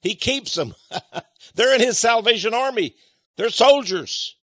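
A man's voice: extremely high pitch, animated, slow, fairly bright tone, no room sound. A man preaching a sermon, reading scripture aloud and explaining it. He speaks emphatically, fires rhetorical questions at his listeners and chuckles between points.

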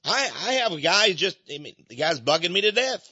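Older man, high bright voice, folksy rambling monologue, dull lo-fi recording. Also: big pitch swings, a little fast, husky, dry recording. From United States. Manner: folksy, rambling, chuckles between points. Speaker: speaker. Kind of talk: opinionated monologue.

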